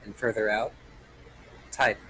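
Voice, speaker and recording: A man's voice: on the low side, steady tone, normal speed, a bit bright, a little hiss or hum, poor audio. A man running a tabletop role-playing game, narrating the story dramatically and joking with his players. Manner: storytelling, playful asides. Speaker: game master.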